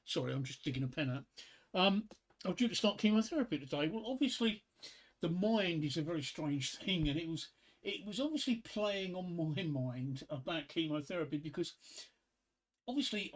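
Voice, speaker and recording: An older man with a fairly high-pitched voice hosts a casual solo livestream. He rambles, jokes at his own expense and talks straight to his few viewers, full of ums and restarts. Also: normal speed, low-quality recording. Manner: rambling, self-deprecating, chatting to viewers; frequent fillers and restarts. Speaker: livestream host.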